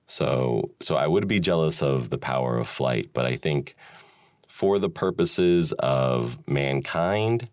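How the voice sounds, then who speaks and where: A man's voice: a bass voice, lively intonation, slow, a little mellow, no room sound, clean studio sound. A man hosting a solo talk, rambling and musing with frequent chuckles and restarts. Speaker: podcast host. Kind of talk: solo reflective monologue.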